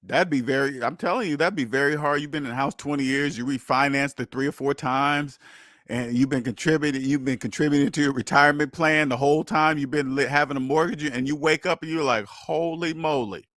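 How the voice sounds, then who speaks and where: A man hosting a casual monologue, animated and laughing, acting out mock voices and firing rhetorical questions. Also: medium pitch, fairly quick, no echo, clean studio sound. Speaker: host.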